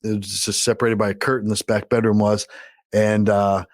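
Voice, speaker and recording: A man's voice: fairly low pitch, flat delivery, moderate pace, no echo, clean studio sound. A man casually telling a story on a podcast, cursing a lot and acting out what people said. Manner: profane, rambling, acts out quotes loudly. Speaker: podcast co-host.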